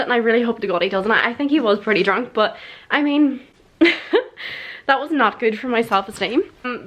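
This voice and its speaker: A young woman in her twenties, chatting casually through viewer questions in a rambling, laughing way, swearing now and then. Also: on the high side. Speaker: vlogger. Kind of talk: casual chat answering questions. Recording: roomy echo.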